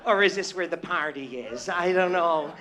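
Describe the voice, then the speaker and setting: A man's voice: fairly high pitch, normal speed, a little hiss or hum. A male entertainer chatting from the stage at a live venue, flamboyant and teasing, calling everyone "darling.". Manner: flamboyant and teasing, with constant endearments. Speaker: stage entertainer working the crowd. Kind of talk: live stage banter with the audience.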